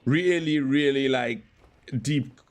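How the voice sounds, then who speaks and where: A man's voice: medium pitch, takes it slowly. A young man chatting loosely while streaming a game, rambling with many fillers and yelping when in danger. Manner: rambling, full of fillers, bursts into panicked yelps while playing. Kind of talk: casual gameplay commentary.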